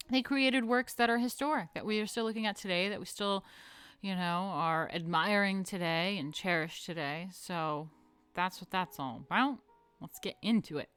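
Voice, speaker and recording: Woman, casual art history lecture, chatty with asides, smooth clear voice, dry sound. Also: medium pitch, fairly bright tone, no echo. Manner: chatty, swears, drifts into asides. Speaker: host.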